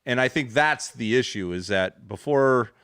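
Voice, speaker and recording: A man's voice: mid-range voice, lively intonation, normal speed, a bit bright, smooth, no room sound, studio quality. A man hosting a podcast, joking and teasing his co-hosts in casual chat. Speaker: podcast host.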